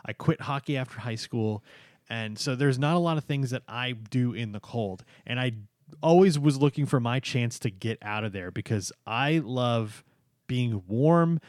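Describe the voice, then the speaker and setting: Boston-accented male podcast co-host, mid pitch, jokey and upbeat, dry booth sound. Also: moderate pace, darkish tone, no echo. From Boston area. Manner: jokey, enthusiastic, teasing. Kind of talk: casual chat.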